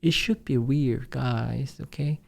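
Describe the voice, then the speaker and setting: A young Korean man teaching his native language in English with a Korean accent, drilling phrases at fast speed and insisting on serious practice. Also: medium pitch, vocal fry, a little mellow. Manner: drills phrases in rapid repetitions, earnest and insistent. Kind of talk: online language lesson.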